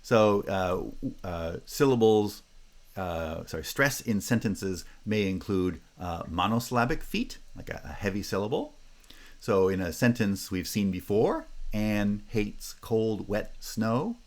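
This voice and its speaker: A man lecturing on phonetics, speaking carefully and repeating example words slowly, with frequent fillers. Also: fairly low pitch, expressive.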